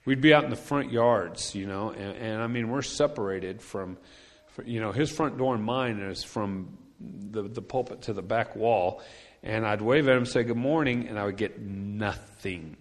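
In a church sanctuary, a pastor preaches a sermon, telling a personal story in a chatty way and repeating key points for emphasis. His voice is fairly low at a moderate pace, with long church hall reverb on the recording.

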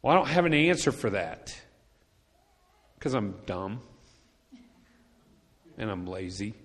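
Speaking slowly in a lowish, very animated voice, a man preaches as a pastor, sharing a personal story conversationally and restating key points for emphasis. He's in a church sanctuary, and the sound has long reverb.

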